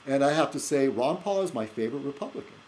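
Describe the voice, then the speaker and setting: Male vlogger, casual monologue, pitch swings a lot, fillers everywhere, faint hum behind. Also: fast talker, low-quality recording. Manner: rambling, full of fillers and restarts; animated, laughs at his own jokes. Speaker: video blogger.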